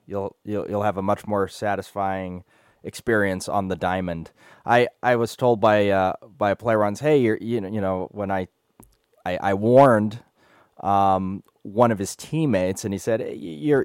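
Low-voiced man hosting a podcast. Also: a little mellow, no room sound, clean studio sound. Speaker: podcast host, sports official. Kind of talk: casual podcast interview.

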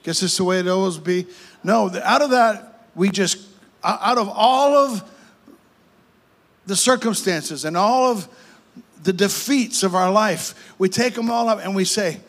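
A male pastor, preaching a fervent sermon with repeated phrases and quick restarts. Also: sits high, lively intonation, fairly bright tone.

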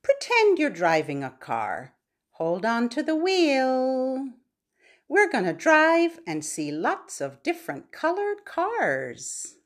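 A woman's voice: sits high, huge pitch swings, slow pace. A woman hosting a podcast for babies and parents, singing songs and rhymes in a cheerful, sing-song way with playful sound effects.

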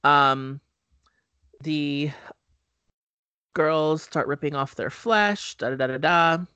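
A man's voice: fairly high pitch, slow pace, sharp tone, clean tone, no room sound, highs cut off. Casual rambling man recapping a movie. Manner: rambling, filler-heavy, swears casually. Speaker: podcast host.

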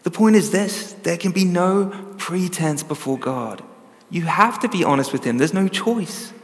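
A man's voice: sits high, lively intonation, unhurried, long reverb tail. A man preaching a sermon in an earnest, conversational teaching manner with frequent ums.

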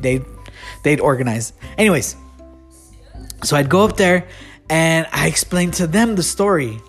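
Rambling man telling a workplace story. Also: fairly high pitch. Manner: rambling, restarts often, laughs at his own story. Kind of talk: casual storytime.

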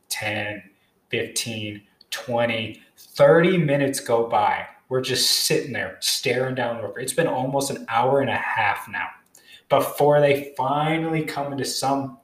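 A man's voice: mid-range voice, a little slow. A young man telling a story casually, rambling and cursing often as he goes. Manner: rambling, profane, animated retelling. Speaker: storyteller vlogger. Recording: echoey room.

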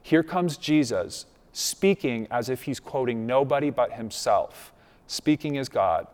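A man's voice: medium pitch, animated, measured pace, long reverb tail. A man preaching a sermon as a pastor, conversational and emphatic, with asides to his listeners.

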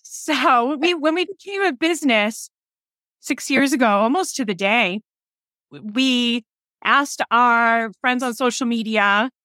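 A woman's voice: on the high side, a little slow, bright, forceful tone, no echo, studio quality. A woman in her forties from telling stories as an interview guest, laughing often and acting out quoted dialogue. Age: 40s. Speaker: guest, cemetery preservation business owner. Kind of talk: casual interview storytelling.

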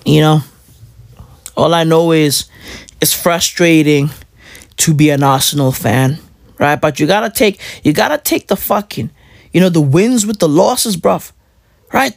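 A woman's voice: medium pitch, creaky, slightly rough, no echo, studio quality. A woman ranting casually as a football fan, slangy and repetitive, pleading over and over. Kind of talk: casual rant to camera.

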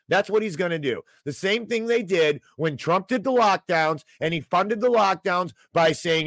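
A man's voice: a little high, sing-song, normal speed, few pauses, no room sound. A man hosting an opinionated financial news show, reading headlines aloud and ranting sarcastically about them. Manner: ranting, sarcastic, rises loud when angry.

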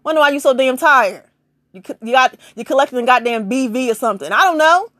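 A woman with a fairly high voice delivers spiritual advice as a casual, blunt monologue. She swears freely and keeps firing rhetorical questions, with her pitch leaping up and down. The sound is dry and close, with no room echo. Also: a little fast. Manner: animated, big jumps in pitch. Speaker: vlogger giving spiritual advice.

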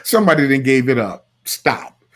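A male pastor preaching a sermon in a folksy, repetitive, conversational way, swinging from quiet asides to loud shouted lines and laughing at his own jokes. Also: medium pitch, expressive, moderate pace.

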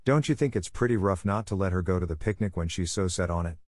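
A man voicing a shy, gentle elderly farmer in an audiobook, speaking in a hesitant, mild way. The recording is dry and close. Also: deep voice, fast talker, no room sound. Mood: mournful. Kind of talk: audiobook character reading.

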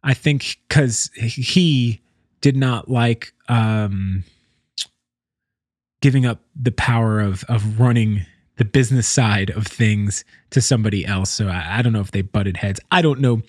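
A man talking casually about someone he knows from the music scene, halting and repeating words as he goes. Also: on the low side, dry recording, studio quality. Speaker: musician commenting on scene news. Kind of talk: casual spoken commentary.

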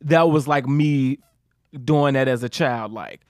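A man co-hosting a podcast, telling animated stories in casual chat, swearing freely and jumping his voice up when he acts out scenes. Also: mid-range voice, a little slow, no room sound, studio quality. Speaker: podcast co-host.

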